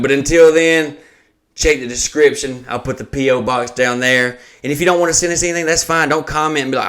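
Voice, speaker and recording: A man's voice: mid-range voice, fairly bright tone, smooth. A man, a stand-up comedian hosting a podcast, ranting in a profane, exasperated casual chat.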